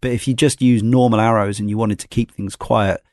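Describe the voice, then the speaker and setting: Speaking briskly in a steady, low, somewhat dark voice, a man hosts a podcast, musing through a game in a rambling way and tossing questions to his co-hosts. It's casual game talk, recorded cleanly in a studio without echo.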